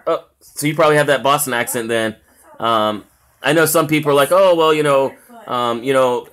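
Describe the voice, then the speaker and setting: A man's voice: medium pitch, a bit bright. A man from South Carolina, chatting casually on a live stream at home, rambling with lots of filler words and reading out chat comments. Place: home, with family noise around.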